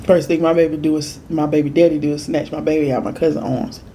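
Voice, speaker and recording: A woman food vlogger chatting through a storytime while she eats, with emphatic repeats and lively quoted voices. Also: sits low, fast, slight background noise. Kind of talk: casual storytime while eating.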